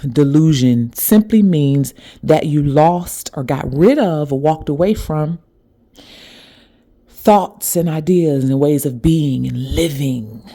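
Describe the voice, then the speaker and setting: A woman's voice: very deep voice, warm tone. A woman speaking as a spiritual author in a motivational monologue, talking straight to her listeners and building to emphatic peaks.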